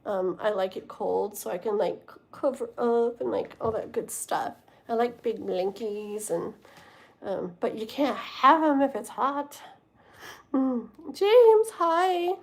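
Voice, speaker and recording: A woman's voice: a little high, slow. A young adult woman doing a tarot reading on a livestream, casually chatting with viewers and filling her speech with "like" and "you know.". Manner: reads chat messages aloud and greets viewers by name. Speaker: tarot reader and livestream host.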